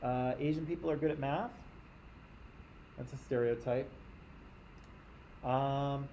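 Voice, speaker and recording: A man's voice: medium pitch, steady tone, slow pace, long pauses, mellow, dull audio, slight background noise. A man from Canada, teaching a class in a conversational lecture and often checking in with his listeners.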